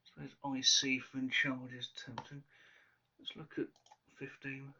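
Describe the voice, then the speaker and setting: A man solving a crossword aloud, musing slowly with half-whispered asides. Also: medium pitch, flat delivery, far from the mic, noisy background. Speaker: crossword solver. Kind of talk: thinking aloud while solving. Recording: slightly dull lo-fi sound.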